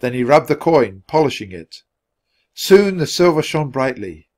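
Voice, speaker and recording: A man's voice: medium pitch, measured pace. Man reading a children's book aloud. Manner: clear, steady narration for learners. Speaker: storybook reader.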